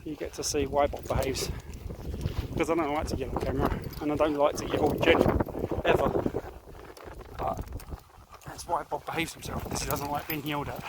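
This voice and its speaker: A man vlogging a dog walk, explaining calmly and giving firm commands to his dog. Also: fairly high pitch, brisk, long pauses, very noisy. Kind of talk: casual vlog narration while walking a dog. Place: outdoors in fields and paddocks. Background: light outdoor ambience.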